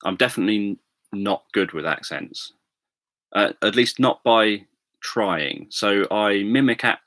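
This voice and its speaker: A man chatting casually on a livestream, rambling with many pauses and self-corrections. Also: lowish voice, a bit bright, no room sound. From England. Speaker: livestream host. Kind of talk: casual chat with viewers.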